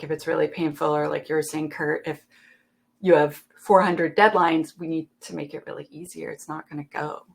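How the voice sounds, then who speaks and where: Woman panelist, low-pitched with a gravelly edge, animated storyteller. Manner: animated storyteller who acts out dialogue. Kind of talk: casual panel discussion.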